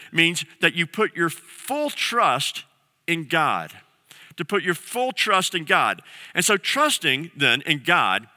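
A man's voice: on the high side, sharp tone. A man preaching a sermon as pastor, talking in a conversational way with restarts and acting out the quoted voices. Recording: long hall reverb.

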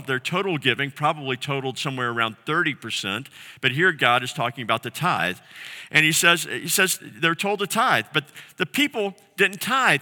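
A male pastor preaching with a very bright, forward tone and a lively, rising and falling pitch. He speaks earnestly and repeats key phrases for emphasis. His voice carries the long reverb of a church hall. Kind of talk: sermon.

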